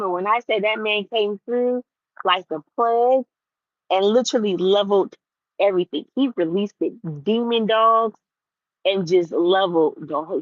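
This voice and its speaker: A young woman vlogger casually rants to her viewers, animated and worked up, repeating herself for emphasis. Her mid-range voice comes through dry and slightly muffled, with no room sound.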